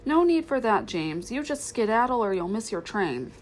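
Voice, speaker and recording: Woman voicing a stern fussy aunt, sharp and shrill. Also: big pitch swings, moderate pace, slight background noise. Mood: stern, snapping. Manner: snapping, shrill.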